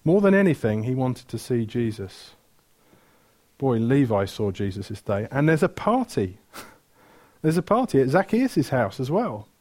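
A man's voice: mid-range voice, sing-song, a little slow, a little mellow. A man preaching a sermon, retelling stories with energy, asking the room questions and correcting himself mid-flow.

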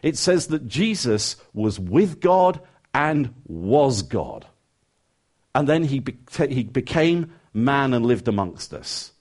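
A man preaching a sermon, moving from emphatic rising questions to quiet, earnest asides and acting out his listeners' thoughts. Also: medium pitch, very animated, takes it slowly. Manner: conversational, acts out listeners' thoughts.

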